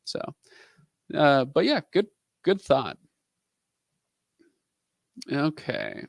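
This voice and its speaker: A man's voice: fairly high pitch, huge pitch swings, extremely slow, gravelly, no echo, clean studio sound. A man in his thirties hosting a casual live stream, answering viewer questions in a rambling, chatty way with lots of fillers.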